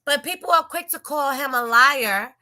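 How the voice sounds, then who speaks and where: A woman co-hosting a casual gossip chat, chatty and quick to chime in. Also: sits high, sharp tone. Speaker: podcast co-host.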